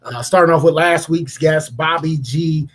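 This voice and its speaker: A man from Cleveland co-hosting a podcast, telling a story in a casual, animated way and acting out the voices in it. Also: fairly high pitch, normal speed, slight background noise. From Cleveland, Ohio. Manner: animated, laughing, acts out voices in his stories. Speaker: podcast co-host.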